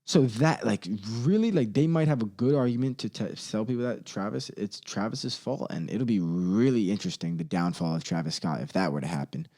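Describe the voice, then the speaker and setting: A man's voice: fairly low pitch, expressive, fairly quick, few pauses, dark tone. Rambling, profane male podcast host. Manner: rambling and profane, lots of filler likes, acts out quotes. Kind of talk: casual podcast rant.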